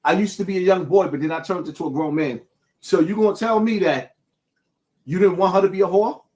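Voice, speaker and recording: High-pitched male voice, challenging and skeptical, asking pointed questions. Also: brisk, a little mellow.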